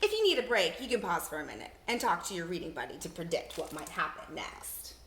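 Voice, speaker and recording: A young woman teacher reading a picture book aloud to children, in an animated, playful way. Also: on the low side, fast talker, roomy sound, a little hiss or hum.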